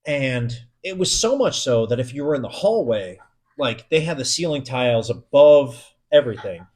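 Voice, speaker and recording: A young man tells a spooky story on a casual podcast. He curses freely, and his voice gets louder and more animated when he relives the scary parts. His voice sits at an ordinary pitch for a man. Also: moderate pace. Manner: swears a lot, animated when retelling fright. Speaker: podcast co-host.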